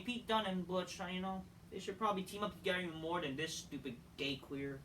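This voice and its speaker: A man reviewing a wrestling show in a profane, exasperated rant, full of rhetorical questions, swinging from loud outbursts to flat mutters. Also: high voice, brisk, few pauses. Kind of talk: ranting solo show review. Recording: distant mic, faint background noise.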